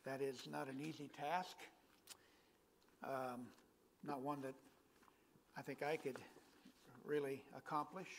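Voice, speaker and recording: A man's voice: medium pitch, little pitch movement, takes it slowly, vocal fry, long pauses, big-room sound, a little hiss or hum, rough recording. An older man preaching as a guest pastor in a church, speaking in a folksy way with self-deprecating humor. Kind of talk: sermon.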